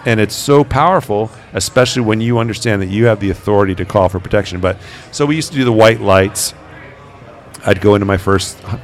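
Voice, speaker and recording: A man, a paranormal investigator, telling stories in a relaxed interview and acting out the quoted voices. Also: low voice. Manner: animated, acts out quoted voices. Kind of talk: conversational interview storytelling.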